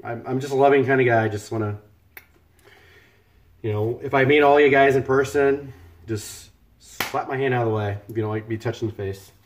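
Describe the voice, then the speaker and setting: A man's voice: medium pitch, fairly quick, pauses often. A man chatting casually on a cooking livestream, joking and thanking viewers by name. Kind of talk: casual live-stream chat while cooking. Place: home kitchen.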